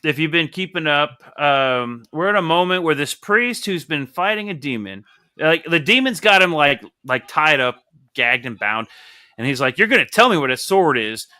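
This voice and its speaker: A young man hosts a laid-back comic review, animated and profane as he jokes through the pages. His voice sits a little high, bright and crisply clear. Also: normal speed. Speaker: comic book review host. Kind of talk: casual podcast chat.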